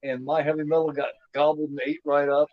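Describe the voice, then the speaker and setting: A man's voice: on the high side, level tone, fairly quick, no room sound. Rambling fifty-year-old man, lo-fi. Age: 50s. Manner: rambling, repeats words, says "man" and "you know what I mean". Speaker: host. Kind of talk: casual movie commentary. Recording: dull lo-fi sound.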